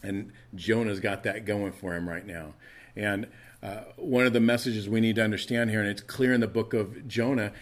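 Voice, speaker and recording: A man's voice: lowish voice, steady tone, moderate pace. A middle-aged male pastor preaching a sermon in a conversational way, often restarting his phrases.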